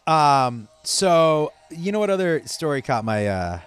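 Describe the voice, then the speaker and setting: A man hosting a comedy podcast, telling stories in a profane, animated way and laughing at his own jokes. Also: on the high side, unhurried, clear, resonant tone. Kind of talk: casual comedic monologue. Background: faint rock music playing.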